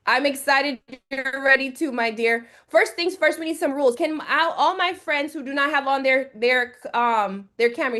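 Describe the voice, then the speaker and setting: An upbeat woman from Jamaica runs an online class over a video call. Her voice sits high, and she cheerfully greets attendees by name while she sets out the rules. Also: a bit bright. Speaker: trading coach.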